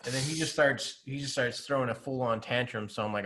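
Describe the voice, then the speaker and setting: A man's voice: mid-range voice, fairly quick, pushed and bright. A young man hosting a casual podcast interview, talking in a laid-back way with lots of fillers and laughing through his stories. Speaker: podcast host.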